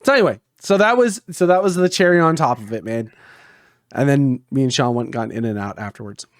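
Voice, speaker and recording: A man's voice: medium pitch, a little fast, no echo, clean studio sound. A young man on a podcast, casually telling a long story and acting out what people said. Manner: animated storyteller, acts out quotes, laughs often. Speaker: podcast co-host.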